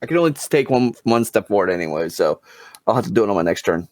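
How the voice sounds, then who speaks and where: A man's voice: on the low side, animated, fast, darkish tone, dry recording. A man playing a tabletop game on a voice call, rambling and stopping himself mid-thought. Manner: rambling, self-interrupting. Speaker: player. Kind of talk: casual tabletop chat.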